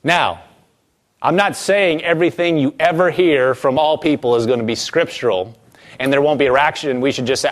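A man preaching a sermon to a congregation, acting out quoted voices and reading scripture slowly. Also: a little high, expressive.

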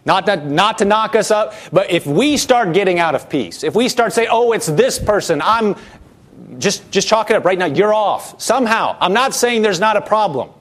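High voice guy preaching, pastor type, chatty sermon, says stuff twice, lots of restarts. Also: lively intonation, moderate pace, fairly bright tone. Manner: conversational preaching with repeated phrases and restarts.

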